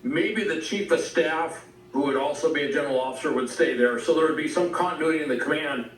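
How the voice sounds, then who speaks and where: Distant, roomy man explaining military command. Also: fairly high pitch. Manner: measured, explanatory, military jargon. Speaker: military commentator. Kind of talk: broadcast interview. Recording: clip replayed, roomy and distant.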